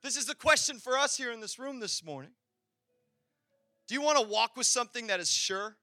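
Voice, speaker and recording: A man preaching a passionate sermon in a church, swinging between loud and quiet. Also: very high voice, animated, fairly quick, no echo, studio quality, faint music behind. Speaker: pastor. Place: church hall.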